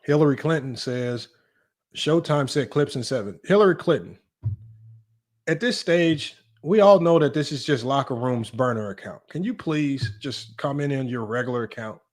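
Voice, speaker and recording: A young man hosting a casual basketball livestream, reading chat and super chats in an animated, mocking way that jumps high when he's incredulous. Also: normal speed. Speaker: sports talk livestream host.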